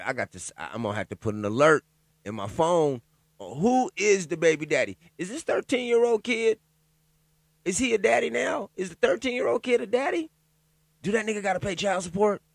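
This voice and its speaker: A man delivers a profane, joking solo commentary, his pitch leaping high and dropping low as he riffs. He stops now and then to read a news item aloud in halting bits. The sound is dry and close, with no room echo. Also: creaky. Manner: loud, profane, animated riffing with laughs and asides; reads news out loud haltingly. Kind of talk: casual profane commentary monologue.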